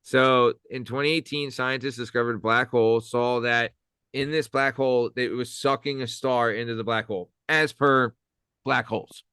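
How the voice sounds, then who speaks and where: A hoarse young man co-hosting a comedy podcast, rambling playfully with lots of fillers and goofy asides. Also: mid-range voice, steady tone, normal speed, pushed and bright, no echo, clean studio sound. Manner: rambling, playful, full of filler and silly voices. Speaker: podcast co-host.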